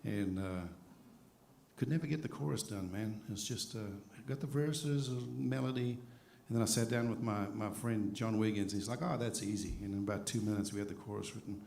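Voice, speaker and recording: A man's voice: fairly low pitch, fairly quick, creaky, slight background noise. A man who moved to the country as an adult, a singer-songwriter telling wry, self-deprecating stories between songs at a live show. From outside the United States. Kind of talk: on-stage storytelling between songs. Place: live music venue stage. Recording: echoey live stage sound with loud music.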